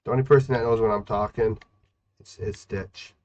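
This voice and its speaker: A man casually chatting while streaming a game, playful and teasing, with sudden loud outbursts and sing-song scatting. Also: lowish voice, steady tone, brisk. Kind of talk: casual gaming stream chat. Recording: muffled lo-fi stream audio.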